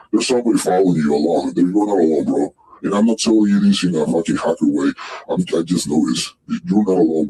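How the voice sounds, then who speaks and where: A man's voice: low-pitched, warm tone, far from the mic, slight background noise, low-quality recording. A man calling into a live stream, ranting in a profane, rambling and insistent way. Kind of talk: casual rant.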